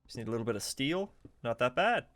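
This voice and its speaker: Male game streamer, medium pitch, casual and chatty, quick to laugh and startle. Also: no echo. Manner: chatty, laughs often, excitable reactions. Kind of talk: casual live gameplay commentary.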